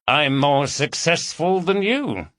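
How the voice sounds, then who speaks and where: Man doing a jokey laddish detective about thirty, from London, bright lively voice. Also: a little high, slow pace, no echo, studio quality, voice pushed up, exaggerated voice. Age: around 30. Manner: easygoing, jokey.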